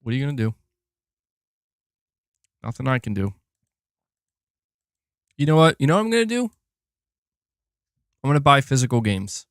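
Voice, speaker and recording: A man's voice: medium pitch, very animated, moderate pace, pauses often, smooth, no room sound, studio quality. A man live-streaming in casual chat, rambling and swearing with many restarts. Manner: profane, frustrated, rambling with restarts.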